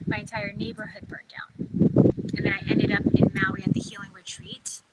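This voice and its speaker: A woman's voice: mid-range voice, moderate pace, heavy background noise. A woman telling a personal story in a chatty, casual way, full of fillers, acting out her own past thoughts.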